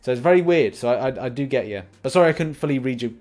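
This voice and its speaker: A young man hosts a gaming channel, casually reading viewer comments aloud and answering them. His medium-pitched, darkish voice moves rapid-fire with lively intonation, and he rambles with frequent restarts and fillers.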